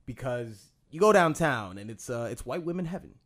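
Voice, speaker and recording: A man's voice: medium pitch, expressive, normal speed, fairly bright tone. A man co-hosting a podcast in casual chat, rambling and thoughtful, often restarting his sentences. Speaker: podcast co-host.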